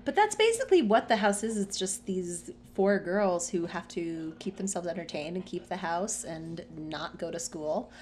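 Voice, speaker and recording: A woman co-hosting a casual book-club podcast, wry and joking, with quick asides. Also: fairly low pitch, lively intonation, darkish tone. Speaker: podcast co-host.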